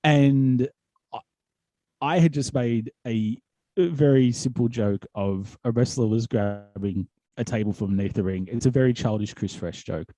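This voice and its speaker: Aussie guy rambling thru stories, lots of ums and likes, mellow voice, dry close sound. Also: mid-range voice, measured pace, no room sound. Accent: Australian. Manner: rambling storyteller with many ums, likes and restarts. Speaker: wrestling commentator and promoter, guest. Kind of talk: casual podcast chat.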